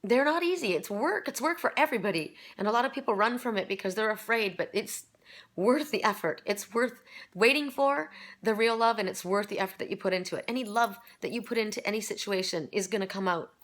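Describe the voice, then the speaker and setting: A woman's voice: medium pitch, a little fast, a bit bright. A middle-aged woman reads oracle cards for her viewers. She speaks with open emotion and earnest conviction, and she stumbles and restarts her phrases as she goes. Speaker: oracle card reader. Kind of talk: spiritual card reading video.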